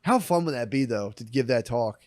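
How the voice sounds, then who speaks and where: A man's voice: mid-range voice, lively intonation, fairly quick, no echo, clean studio sound. A man co-hosting a comedy podcast in casual chat, joking, laughing often and acting out voices in his stories. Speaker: podcast co-host.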